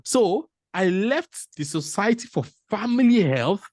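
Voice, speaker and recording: A man tells a motivational story with a lively, swooping pitch that rises and falls sharply. He laughs easily and acts out the people in his story, and his voice sounds dry and close, with no room echo. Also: a little slow. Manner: animated, laughs often, acts out dialogue. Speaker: panel speaker.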